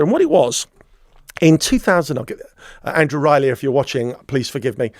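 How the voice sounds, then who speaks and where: On a storytelling interview podcast, a guest whose voice is on the high side narrates at a moderate pace, animatedly voicing the quoted dialogue. The sound is clean studio quality with no room sound.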